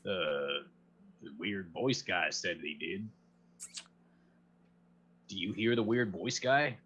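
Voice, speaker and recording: A man's voice: low-pitched, slow, a bit bright, husky. A man playing a tabletop game in casual in-character talk, rambling with many fillers. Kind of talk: casual in-character role-play. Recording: dull lo-fi sound.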